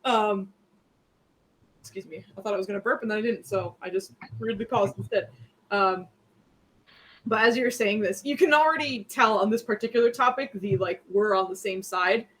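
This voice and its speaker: A woman's voice: mid-range voice, normal speed, fairly bright tone, poor audio. Giggly woman running a tabletop game. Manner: giggly, lots of fillers. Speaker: game master.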